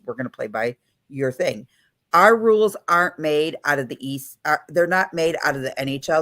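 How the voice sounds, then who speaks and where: A woman's voice: deep voice, dry recording, clean studio sound. A woman hosting a casual livestream, telling a story and acting out what people said. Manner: animated, acts out quoted people. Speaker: livestream host.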